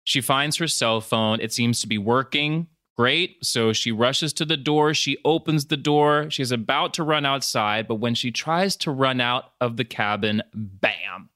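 A man's voice: medium pitch, unhurried, few pauses, sharp tone, dry recording, studio quality. A man co-hosting a podcast, casually retelling a film plot, loose and jokey, with mouthed sound effects. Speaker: podcast co-host.

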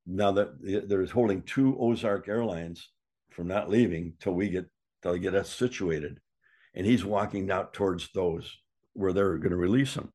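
A man's voice: sits low, moderate pace, slightly rough. An older man, a former wrestler, casually telling a story, acting out what people said and swearing freely. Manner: lively yarn-spinner who acts out quotes and swears freely.

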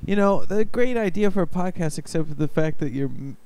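A man's voice: high voice, expressive, brisk, a little mellow, clean tone. A man co-hosting a casual movie podcast, laid-back and joking. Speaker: podcast co-host. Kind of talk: casual movie recap chat.

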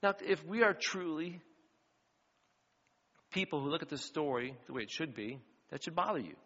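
A middle-aged man preaching a sermon as pastor, animated storyteller who acts out the voices of the people in his stories. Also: on the high side, moderate pace. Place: church sanctuary. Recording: dull sound with long hall reverb.

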